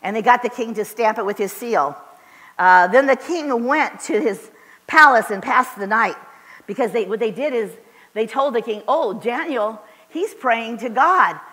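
A woman preaching a sermon with fervent, emphatic conviction, her voice bright and cutting. She hammers her points home in short, repeated declarations, a little higher than most women. The sound carries a long, echoey reverb from the church hall. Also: normal speed, breathy edge. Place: church sanctuary.

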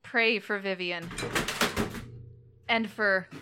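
A woman's voice: medium pitch, steady tone, extremely slow, very noisy. A woman co-hosting a casual podcast, giggling and playfully acting out quotes. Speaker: podcast co-host. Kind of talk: casual chat.

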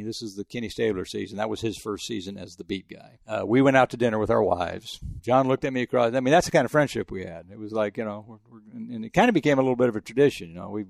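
A man's voice: mid-range voice, creaky, darkish tone, no room sound, studio quality. An older man from Texas, a longtime sports journalist, telling rambling anecdotes in an interview. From El Paso, Texas. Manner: fast, rambling anecdotes with many restarts. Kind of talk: interview storytelling.

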